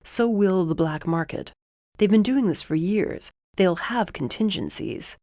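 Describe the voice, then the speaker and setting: A woman voicing a steady, protective young man. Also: medium pitch, a little slow, no echo, studio quality, close to an everyday voice. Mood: firm. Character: protective young adult male ally, steady and firm. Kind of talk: audiobook character voice.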